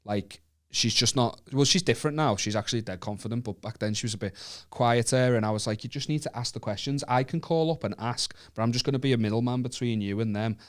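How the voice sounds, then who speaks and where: Joking, sweary Northern English co-host. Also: male voice, medium pitch, fast, hardly any pauses. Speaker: podcast co-host. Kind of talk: casual chat, storytelling.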